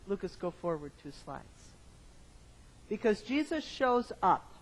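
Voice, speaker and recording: A male pastor giving a sermon to his congregation in a church, moving from quiet reflection to loud emphatic exclamations and repeating phrases in rhythmic lists. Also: high voice, sing-song, a little slow, poor audio. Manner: addresses the congregation directly with questions. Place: church sanctuary.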